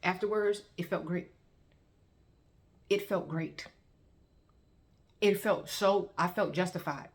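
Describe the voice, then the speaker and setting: A woman. She tells it in an animated, repetitive way, acting out what people said. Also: fairly low pitch, slow, pauses often. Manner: animated storytelling with repeated phrases and acted-out quotes. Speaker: testimony vlogger. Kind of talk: emotional personal testimony.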